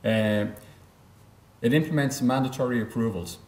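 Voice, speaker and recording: A man giving a conference presentation as a software company presenter, explaining step by step and often repeating words mid-sentence. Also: medium pitch, moderate pace, roomy sound. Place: conference room.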